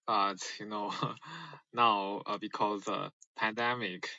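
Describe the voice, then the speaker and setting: A man from China calling in to a livestream, speaking English hesitantly with many pauses. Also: lowish voice, steady tone, vocal fry, sharp tone, no room sound, lo-fi sound. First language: Mandarin. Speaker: caller on a livestream. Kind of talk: casual chat in English as a second language.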